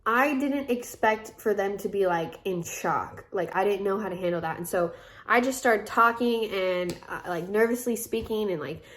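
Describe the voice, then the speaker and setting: A woman's voice: medium pitch, normal speed. A woman in her twenties casually telling a personal story, chatty and full of fillers, acting out the lines of the people in it. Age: 20s. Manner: chatty, filler-heavy retelling with many quoted asides. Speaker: vlogger.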